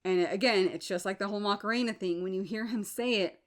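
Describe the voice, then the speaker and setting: A woman hosting a solo podcast, talking in an animated, emphatic and incredulous way. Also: mid-range voice, quick pace. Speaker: podcast host.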